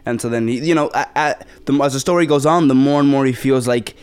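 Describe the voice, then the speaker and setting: Young man, smooth clear voice. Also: medium pitch, fast talker. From United States. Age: young adult. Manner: rambling storytelling, many fillers and restarts. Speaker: actor guest. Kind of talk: casual interview chat.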